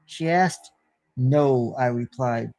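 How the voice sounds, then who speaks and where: A man hosting a show and telling a horror story slowly and deliberately, with small stumbles now and then, into a close studio mic. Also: mid-range voice, darkish tone, dry recording. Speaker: host and storyteller.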